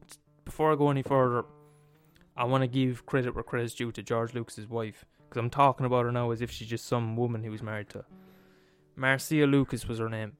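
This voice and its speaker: A man telling a film story in a casual, animated monologue, swearing freely and digressing. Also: medium pitch, clear, resonant tone.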